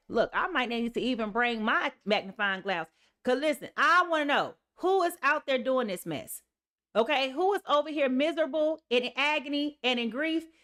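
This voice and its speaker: A woman's voice: sits high, fairly bright tone. A woman reading tarot on a live stream in an emphatic, casual way, often saying "okay" and "y'all". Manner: sings snatches of songs and reads lyrics aloud. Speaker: tarot reader.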